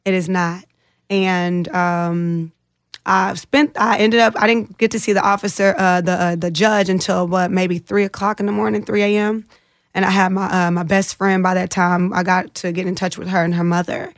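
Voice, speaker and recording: A woman's voice: fairly low pitch, normal speed, dry recording, clean studio sound. A woman guest in an interview, earnestly retelling a distressing personal experience and acting out others' words. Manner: earnest, emotional retelling with animated quoted voices.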